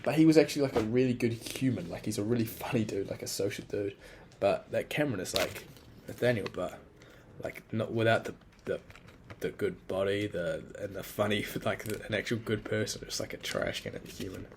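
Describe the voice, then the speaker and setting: A man's voice: lowish voice, expressive, fairly quick, creaky, background noise. A young man in a casual spoken journal, rambling crudely and criticizing himself while planning his day. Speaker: vlogger.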